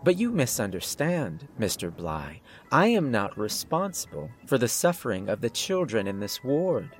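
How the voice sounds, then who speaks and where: A man reading a calm, menacing doctor who speaks politely with clinical detachment. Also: mid-range voice, normal speed, soft background music. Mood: coldly polite.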